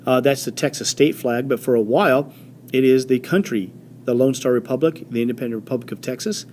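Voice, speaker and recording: A man teaching a history lesson in an animated storytelling way, with many fillers and quick voiced quotes. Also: medium pitch, a little hiss or hum. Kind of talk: classroom history lecture.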